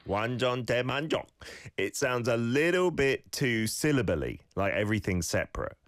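A man hosting a radio language lesson, encouraging listeners and modelling phrases with lively emphasis. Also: medium pitch, normal speed, dry recording, studio quality. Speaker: radio host teaching Korean phrases.

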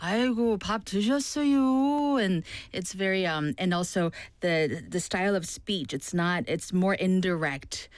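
A woman's voice: lowish voice, fairly even intonation, measured pace, hardly any pauses, smooth, dry recording. A woman chatting casually in a thoughtful, explaining way. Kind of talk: casual chat.

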